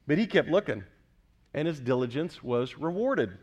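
A man's voice: fairly high pitch, very animated, moderate pace, darkish tone. A man preaching a sermon with emphasis, often putting questions to the congregation. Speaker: pastor.

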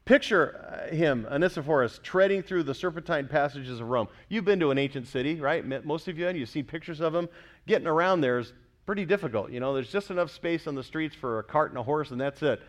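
A man's voice: fairly high pitch, animated, fast. A man preaching a sermon with emphasis, often putting questions to the congregation. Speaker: pastor.

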